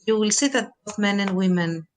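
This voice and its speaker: A woman's voice: mid-range voice, brisk, slight background noise, rough recording. A woman co-hosting a podcast, talking in a thoughtful, hedging casual way. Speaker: podcast co-host. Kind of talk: casual chat.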